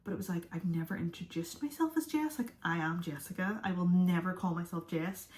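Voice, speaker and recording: A young woman from outside the USA chats to the camera in a rambling vlog, sometimes slipping into a whisper. Her voice sits on the low side with a darkish tone, and she talks fairly quickly. The recording has an echoey room sound.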